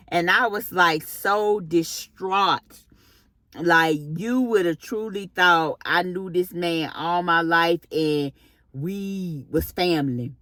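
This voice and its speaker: Brief: expressive female storyteller, lowish voice, slow delivery, dry close sound. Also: dry recording. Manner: animated, expressive storyteller with casual slang. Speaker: vlogger. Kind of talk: storytime monologue.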